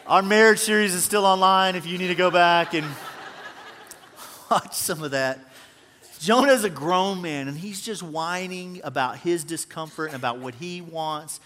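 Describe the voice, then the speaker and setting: A male pastor with a fairly high voice delivers a lively, joking sermon to his congregation. His telling is animated, rising and dropping in volume as he tells the story. The sound carries a long reverb from a large hall. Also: measured pace. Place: church auditorium.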